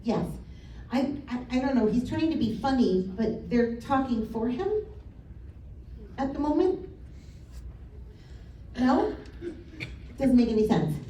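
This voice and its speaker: A psychic medium gives a live spirit-message reading in a casual, blunt way, swearing and laughing. Her voice is high-pitched and mellow with lively intonation, and she speaks slowly with frequent pauses. The recording picks her up from a distance in an echoey room, with a little hiss or hum.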